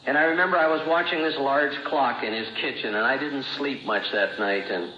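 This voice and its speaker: A man's voice: mid-range voice, lively intonation, normal speed, hardly any pauses, pushed and bright, slight background noise. A man sharing his recovery story at a meeting, plain-spoken and acting out remembered dialogue. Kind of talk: personal testimony at a recovery meeting. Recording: roomy, dull old talk recording.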